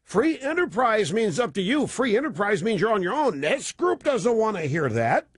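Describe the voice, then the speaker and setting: A male radio host riffs through a sarcastic, opinionated monologue with mocking asides. His voice sits high and swings widely in pitch, with a husky grain. The sound is close and dry. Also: very animated, moderate pace, dry recording. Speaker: radio talk show host.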